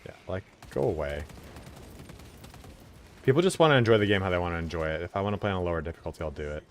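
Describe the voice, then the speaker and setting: A man's voice: deep voice, animated, fast talker, slight background noise. Laid-back man streaming a game. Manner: laid-back, joking, crude, thanks subscribers. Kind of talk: casual live-stream chat while gaming.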